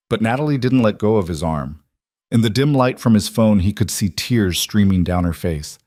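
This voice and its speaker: A man reading a dramatic story in an even, measured narration style. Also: lowish voice, no echo, clean studio sound. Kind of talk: scripted narration.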